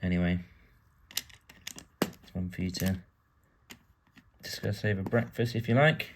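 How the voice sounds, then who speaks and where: A man's voice: low voice, fairly even intonation, slow, background noise. A British man from the UK giving casual build-along narration as a vlogger, chatty and full of wry asides while he works. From United Kingdom.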